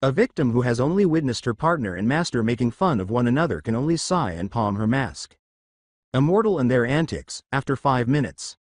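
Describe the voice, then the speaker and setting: A man reading a fan story aloud as its narrator, in a steady storytelling way. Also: medium pitch, fairly quick, no echo, studio quality.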